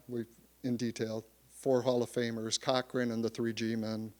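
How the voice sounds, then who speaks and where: A middle-aged man from Michigan, an author giving a public talk, telling lively anecdotes with frequent restarts. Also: medium pitch. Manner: storytelling with restarts, livening up for anecdotes.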